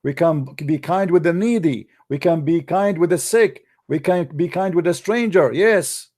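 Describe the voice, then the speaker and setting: A man's voice: fairly high pitch, normal speed, a little mellow. A man lecturing combatively in a livestream, mocking and scolding his opponents in non-native English. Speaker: religious debater.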